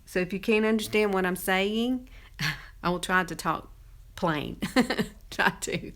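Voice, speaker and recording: A woman's voice: mid-range voice, slow, a bit bright. Chatty Southern woman in her fifties. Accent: Southern American. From Southern United States. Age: 50s. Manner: chatty, laughs often, talks while applying makeup. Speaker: makeup presenter. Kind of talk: casual makeup tutorial.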